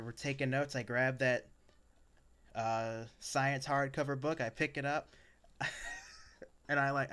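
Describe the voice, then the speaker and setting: A young man co-hosts a laid-back podcast and tells stories from his own life. He talks in a loose, rambling way, stops to restart his sentences, and leans on a lot of fillers. His voice sits at an ordinary middle pitch. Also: a bit bright, clear, resonant tone. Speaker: podcast co-host. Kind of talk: casual storytelling chat.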